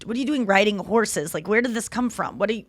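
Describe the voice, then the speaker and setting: A woman in her thirties hosts a podcast, her medium-pitched voice animated and fast, with no echo. She's chatty, telling rambling stories in a casual conversation and swearing freely.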